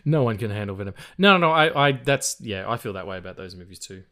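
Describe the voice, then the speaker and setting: A man hosting a casual film podcast, relaxed, swearing now and then and reading out trivia. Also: lowish voice, quick pace, slight background noise. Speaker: podcast host.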